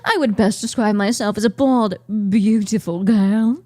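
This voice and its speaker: A woman putting on a smug young British man, speaking in a posh, mock-proper drawl. The voice is pitched lower than her own and rolls along in a deadpan, mocking tone. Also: normal speed, no echo, studio quality, lightly acted. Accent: put-on British.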